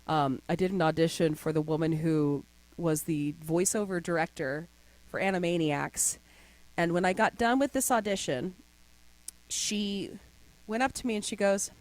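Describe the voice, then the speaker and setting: A woman's voice: on the low side, moderate pace, dry recording. A young adult woman as a podcast guest, telling stories in casual chat and slipping into voices now and then. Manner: animated storyteller, slips into voices.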